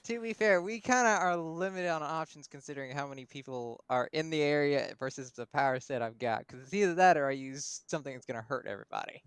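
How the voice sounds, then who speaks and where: Easygoing male player, smooth resonant voice, dry close sound. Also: a little high, fast, hardly any pauses, fairly bright tone, dry recording. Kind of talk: casual gaming chat.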